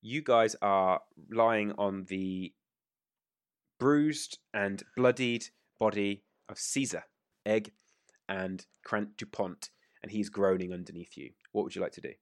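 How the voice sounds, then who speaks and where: Low-voiced game master. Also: male voice, no echo, studio quality. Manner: casual, with fillers and quick rulings. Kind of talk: narrating a tabletop game.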